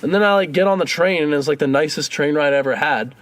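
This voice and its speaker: A young man in casual podcast chat, his voice sitting a bit high. He tells a story with energy, swearing freely and acting out each exchange. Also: fast talker. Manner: animated, swears, acts out dialogue. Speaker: podcast co-host.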